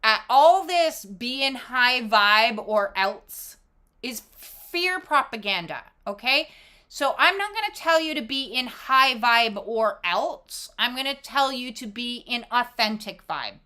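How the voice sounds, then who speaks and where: A woman's voice: a little high, animated, measured pace, pushed and bright, clean tone. A woman doing a casual oracle card reading, talking emphatically with lots of fillers and casual swearing. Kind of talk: casual spiritual talk to camera.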